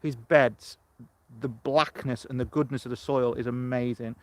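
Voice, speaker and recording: In a dry recording, a middle-aged English man with a medium-pitched voice talks at a moderate pace and fairly even intonation. He's an allotment vlogger rambling on a live stream, speaking into a phone camera outside and answering viewers.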